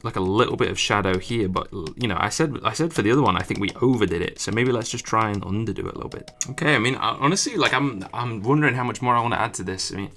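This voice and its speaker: A man's voice: lowish voice, expressive, racing, few pauses, pushed and bright, a little hiss or hum. A young man chatting casually while he draws, muttering and swearing as he gets frustrated. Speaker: artist streamer. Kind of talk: casual drawing commentary.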